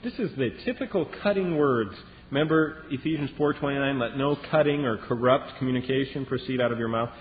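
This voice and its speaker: A man preaching a sermon as a Bible teacher, telling the story in a lively way and acting out the lines he quotes. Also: mid-range voice, fairly quick. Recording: dull lo-fi recording with long reverb and faint hiss.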